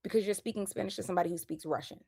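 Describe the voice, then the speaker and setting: A woman in her thirties hosting a casual chat, animated, slangy and emphatic as she makes her points. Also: medium pitch, very fast, creaky, dry recording. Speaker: podcast host.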